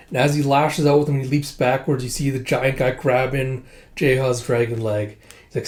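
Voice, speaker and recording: A man's voice: mid-range voice, little pitch movement, darkish tone. Casual man recapping a manga. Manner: quick recap that introduces quoted lines with "it's like". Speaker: manga reviewer. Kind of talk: casual manga read-through.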